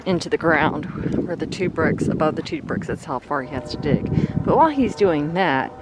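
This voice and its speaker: A woman's voice: sits low, lively intonation, normal speed. A woman vlogging casually while working in her backyard garden, chatting and thinking aloud. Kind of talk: casual yard-work vlog. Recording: loud outdoor noise.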